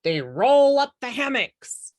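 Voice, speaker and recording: A bossy old pirate captain, loud and growling, as an older woman puts him on in a read-aloud storybook. He barks his words with a gruff edge. His delivery is slow and deliberate. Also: high voice, big pitch swings, pitched above the performer's own voice, full character voice.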